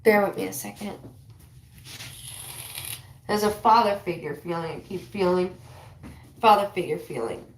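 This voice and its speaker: A woman giving a live psychic reading, rambling and emotional, talking in quick bursts. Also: medium pitch, creaky, roomy sound, a little hiss or hum. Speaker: psychic reader.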